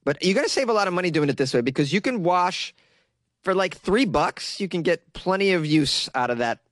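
A young man with a Massachusetts accent and a somewhat high voice, riffing sarcastically on an odd news story. He rambles and breaks into laughter at his own jokes. The recording is dry and close, with no room sound. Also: expressive, fairly quick, a bit bright, dry recording. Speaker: comedic news commentator.

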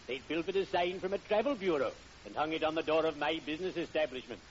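A man's voice: on the high side, fast talker, lightly acted. A man playing an oily, punning undertaker. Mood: unctuous. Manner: unctuous, punning, grandly formal. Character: oily cheerful undertaker, middle-aged man. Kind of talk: 1940s radio acting. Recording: dull hissy old radio broadcast.

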